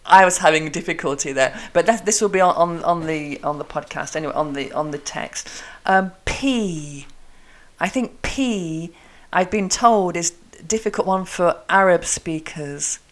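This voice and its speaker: A woman who hosts a podcast and teaches English, chatting casually while demonstrating tongue twisters slowly and crisply. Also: on the low side.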